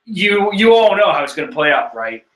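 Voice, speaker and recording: A bright, forceful man's voice, pitched a touch high, talks over a screen-shared manga chapter. He rambles, swears, laughs at himself and gets excited about the big moments. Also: normal speed. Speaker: manga chapter reader and reactor. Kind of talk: casual rambling commentary.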